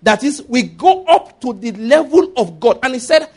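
A man's voice: very high voice, big pitch swings, normal speed, darkish tone, husky. A man preaching a sermon, emphatic, repeating his points and checking that listeners follow.

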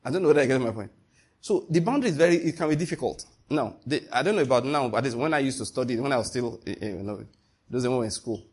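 A man preaching a sermon, animated and emphatic, asking his listeners one rhetorical question after another. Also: medium pitch, fast talker, slightly rough.

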